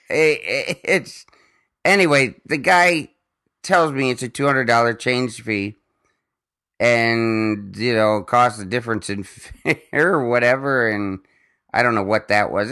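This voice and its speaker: A man's voice: mid-range voice, slow pace, sharp tone, smooth. A man hosting a podcast in casual chat, telling a rambling story with lots of restarts and swearing. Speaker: podcast host.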